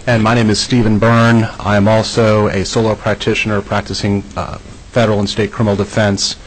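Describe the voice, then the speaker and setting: A man's voice: on the low side, level tone, brisk, slight background noise, poor audio. A man, a defense attorney, introducing himself at a hearing in a plain, matter-of-fact way.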